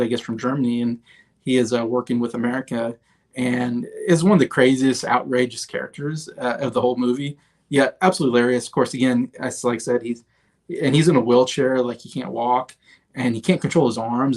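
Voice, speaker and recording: A man in his thirties hosting a casual movie review livestream, chatty and rambling, with many fillers and restarts. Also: medium pitch. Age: 30s. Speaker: host.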